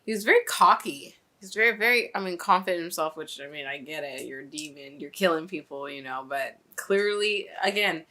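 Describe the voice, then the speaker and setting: A woman's voice: low-pitched, lively intonation, fairly quick, hardly any pauses, sharp tone. A woman hosting a reaction video, talking emotionally in a casual way, often breaking off mid-sentence with nervous laughs. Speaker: reaction channel host.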